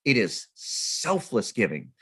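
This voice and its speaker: A middle-aged man from Sacramento telling humorous personal stories as a guest speaker at a temple service, with a self-mocking, animated manner. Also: medium pitch, slow, breathy edge. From Sacramento, California. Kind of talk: storytelling talk.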